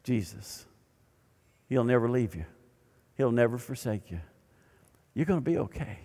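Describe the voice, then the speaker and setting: A man's voice: medium pitch, unhurried. Older man preaching in a reverberant hall. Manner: animated preaching, dropping to quiet emphasis. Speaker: pastor. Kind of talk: sermon. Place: church sanctuary. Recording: long reverb of a large hall.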